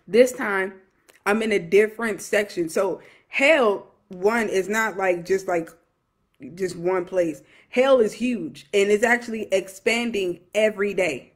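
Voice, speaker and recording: A young adult minister giving an emotional personal testimony, earnest and repetitive, with many fillers and restarts. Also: mid-range voice.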